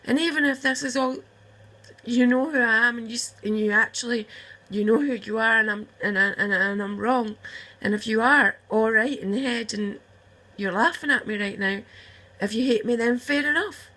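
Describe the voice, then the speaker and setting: A woman's voice: fairly high pitch, steady tone, normal speed, bright, forceful tone, rough recording. A woman, upset and close to tears, rambling heartfelt words straight to her estranged sister in a personal video message. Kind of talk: emotional personal message to camera.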